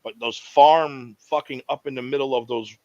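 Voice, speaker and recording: A man's voice: mid-range voice, steady tone, moderate pace, darkish tone, no echo. A man from New York City chatting casually as a podcast co-host, emphatic and heavy on profanity. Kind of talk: casual chat. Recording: dry, dull lo-fi sound.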